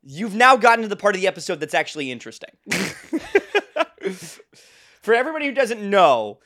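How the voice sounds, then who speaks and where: Bright-voiced young man telling a rambling story. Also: sits high, sing-song, a little fast. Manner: rambling, laughs often, many restarts. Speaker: podcast co-host. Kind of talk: casual storytelling chat.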